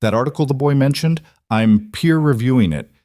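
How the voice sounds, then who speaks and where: A man voicing a composed middle-aged woman surgeon in a calm, measured way in a story reading. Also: medium pitch, no room sound, studio quality, pitched above the performer's own voice, lightly acted.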